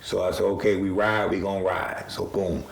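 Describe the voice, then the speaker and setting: Deep gravelly man in an echoey room. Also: flat delivery, normal speed. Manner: earnest, conversational, emotional retelling. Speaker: storyteller recounting own experience. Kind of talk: casual personal testimony. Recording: roomy echo.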